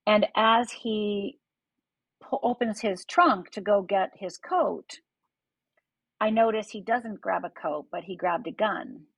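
Husky-voiced woman telling her life story. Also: medium pitch, slow pace, no room sound, poor audio. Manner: earnest, vivid storytelling that speaks straight to the listener. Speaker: life coach guest. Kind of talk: personal storytelling in a podcast interview.

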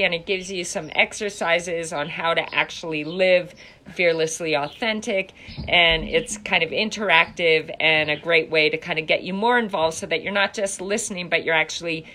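Bright-voiced upbeat woman co-host. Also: fairly low pitch, steady tone, moderate pace. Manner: upbeat, encouraging sign-off talk. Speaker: podcast co-host and coach. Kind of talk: casual live-stream chat.

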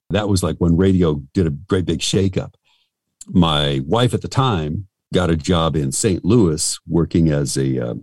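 A middle-aged man with a very low voice tells stories in a relaxed interview. His delivery swings up and down with lively pitch, and he rambles through his stories with a self-deprecating streak. The recording is dry and close to the mic. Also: no room sound. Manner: rambling, chatty, self-deprecating with many restarts. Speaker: radio host and voice actor. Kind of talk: casual interview storytelling.

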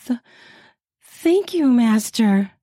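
A woman's voice: fairly high pitch, animated, very slow, warm tone, no echo, clean studio sound, voice pushed up, full character voice. A woman voicing a timid, submissive young woman who pleads hesitantly and stammers.

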